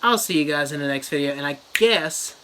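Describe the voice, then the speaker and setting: A man's voice: a little high, animated, brisk, heavy background noise. A man vlogging a made-up movie review, rambling through crude, jokey storytelling.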